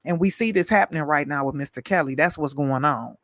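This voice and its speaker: A tired woman hosting a live stream, delivering a fiery, profane rant full of rapid-fire repetition. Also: low-pitched, a bit bright, no echo, studio quality.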